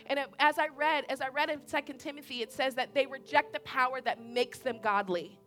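A young woman delivers a sermon in a lively, conversational style, repeating her points and checking in with her listeners. Her voice sits high and moves fairly quickly, with faint music in the background.

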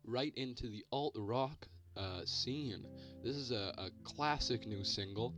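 A man's voice: mid-range voice, a little slow, a bit bright, faint music behind. A man hosting a mock radio show, stammering and full of ums and uhs. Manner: hesitant, filler-heavy, stammering. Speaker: podcast host.

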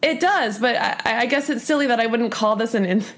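A woman on a trivia team, musing and thinking out loud with frequent laughs. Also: a little high, a little fast. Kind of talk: casual podcast chat.

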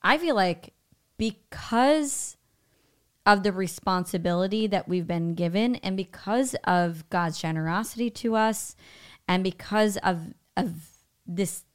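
A woman co-hosting a podcast in earnest casual talk, her voice a little hoarse as it recovers. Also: mid-range voice, lively intonation, a little slow. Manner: earnest, frequent affirmations. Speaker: podcast co-host.

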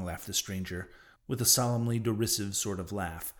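A man reading a novel aloud as narrator in a measured, even way. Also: fairly low pitch. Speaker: audiobook narrator.

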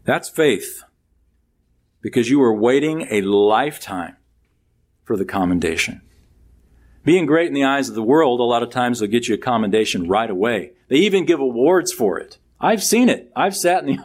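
Male pastor, mid-pitched, preaching a sermon, emphatic pitch swings. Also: normal speed. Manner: preaches with lively pitch swings, reading scripture aloud.

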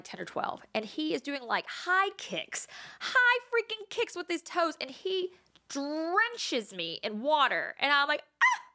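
Bright-voiced woman telling funny stories. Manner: animated, laughs often, acts out voices in high pitch. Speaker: podcast host. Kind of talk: casual storytelling monologue.

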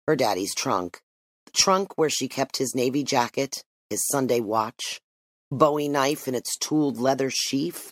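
An audiobook narrator in scripted storybook style, reading with wide, lively swings in pitch. The voice sits in a mid register. It is recorded close to the mic with no room sound. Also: no echo.

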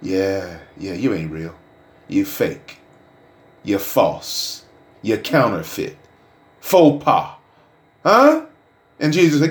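A middle-aged man preaching and telling his own testimony, dropping to hushed murmurs and rising to loud shouts. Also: lowish voice, sing-song, slow pace, pauses often. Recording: roomy echo.

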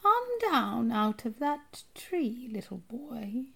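A sinister witch, put on by a woman reading a storybook aloud creeps out of the telling with a rasping, metallic voice. She coaxes softly, dropping to a high hush and near whisper as she tempts a child. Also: very animated, takes it slowly, heavily acted. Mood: wheedling. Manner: coaxing, hushed to whispering. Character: creepy grinning female witch luring a boy.

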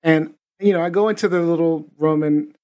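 A man's voice: on the high side, fairly quick, a little mellow. A man co-hosting a podcast panel, telling an anecdote in a chatty way and acting out what people said. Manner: chatty anecdotal, acts out quotes. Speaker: podcast co-host. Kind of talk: casual storytelling.

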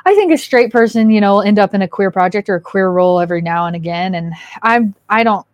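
A woman hosting a podcast in casual chat, a candid and animated storyteller who slips into quoted asides. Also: medium pitch, fast talker, no echo. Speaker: podcast host.

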